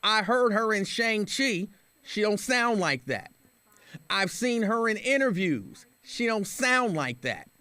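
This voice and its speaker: Radio host guy, high voice that jumps all over, super dry close studio sound, keeps repeating his point. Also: very animated, slow, pushed and bright, no room sound. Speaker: radio talk show host. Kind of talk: opinionated talk radio monologue. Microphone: studio microphone.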